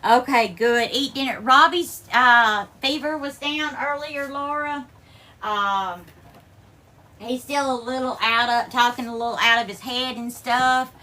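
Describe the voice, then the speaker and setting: A woman chats on a live stream from her home kitchen, voice high and lifted above most women's. Her tone is bright and ringing, and she is teary and on the edge of crying while she cooks. She thanks viewers one by one and calls them darling. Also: a little slow. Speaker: livestream host. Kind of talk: casual live-stream chat while cooking.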